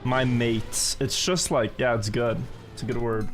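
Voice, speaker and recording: A man's voice: mid-range voice, steady tone, measured pace, faint music behind. A young man from Norway, a native Norwegian speaker, chatting casually with his live chat while he plays a game. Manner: chatty and self-amused, answers chat questions. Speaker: streamer.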